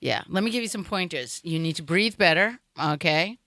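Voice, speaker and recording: A woman's voice: on the low side, animated, normal speed, pushed and bright, dry recording, studio quality. A middle-aged woman hosting a comedy chat, telling stories with lots of laughter and acted-out quotes. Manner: laughs often, acts out quoted people. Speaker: comedy podcast host. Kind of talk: casual storytelling chat.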